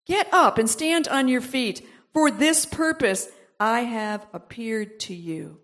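This woman's sermon mixes scripture read aloud with asides and laughter, then climbs into emphatic exhortations she repeats. She has a high-pitched voice with lively intonation and a moderate pace.

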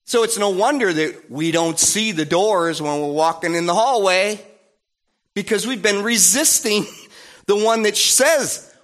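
A man preaching a sermon in a playful, animated way, acting out little voices and sounds. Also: high-pitched, unhurried.

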